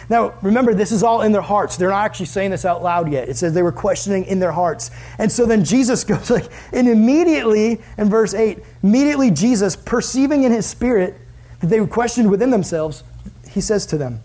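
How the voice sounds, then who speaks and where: A man's voice: sits high, expressive, a little fast, a little mellow. A man preaching a sermon as pastor, casual and conversational, asking the listeners many questions.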